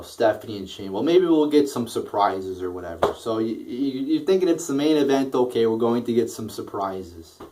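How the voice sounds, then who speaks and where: A tired man in a casual, profanity-laden rant reviewing a wrestling show, yawning and tripping over his words. His voice sits fairly low. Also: darkish tone, recorded from a distance, low-quality recording. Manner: tired, profane, rambling with restarts and yawns. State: sleepy, yawning.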